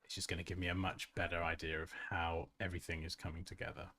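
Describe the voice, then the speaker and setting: Man, low-ish voice, livestream tutorial host, casual chat, self-mocking, laughs a lot. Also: flat delivery, quick pace, sharp tone. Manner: chatty and self-mocking, laughs often, reads out chat comments.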